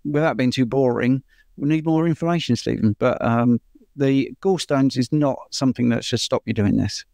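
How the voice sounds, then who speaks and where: A man's voice: mid-range voice, moderate pace, darkish tone, clean tone, no echo, clean studio sound. A man, a doctor answering viewer questions in a casual chat, explaining things in a chatty way and laughing easily.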